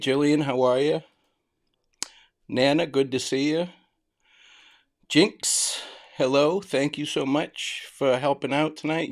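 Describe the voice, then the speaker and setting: A retired man with a Boston accent who drops his R's, hosting a live stream in a chatty way and greeting viewers by name. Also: mid-range voice. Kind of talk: casual live-stream commentary.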